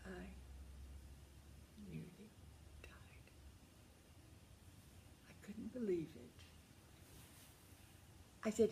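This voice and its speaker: An older woman tells her life story as a memoir storyteller, intimate and emotional, calling the listener darling and sometimes dropping to a whisper. Her medium-pitched voice draws out words and pauses often against a noisy background.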